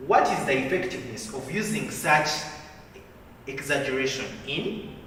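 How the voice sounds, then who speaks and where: A man's voice: medium pitch, expressive, moderate pace, pushed and bright. A male literature teacher giving a lecture. He repeats his points and keeps checking in with "okay?" and "hmm?". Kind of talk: classroom lecture. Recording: echoey hall, distant mic, faint hiss.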